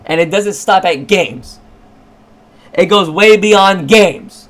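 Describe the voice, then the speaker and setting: A man with a somewhat high voice rants casually to his own channel. He is sarcastic and rambling, often stopping to restart his sentences. He sounds like someone speaking off the cuff rather than from a script. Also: slow, a bit bright. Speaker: channel owner. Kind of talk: casual rant vlog.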